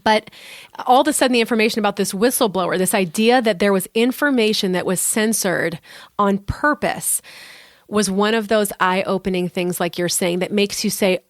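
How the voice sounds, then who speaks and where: A woman tells a personal story on a podcast, earnest and heartfelt. She leans on repeated phrases for emphasis. Her mid-pitched voice sits close and dry, with no room sound around it. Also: normal speed, no echo.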